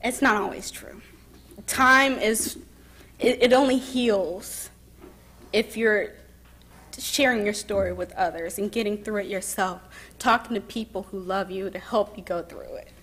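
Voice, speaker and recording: A young woman speaking at a summit and telling her own story in an emotional testimony, softly, with pauses and restarts. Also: medium pitch, fairly even intonation, breathy edge. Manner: soft-spoken and emotional, pausing and restarting. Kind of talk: personal testimony speech. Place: summit event.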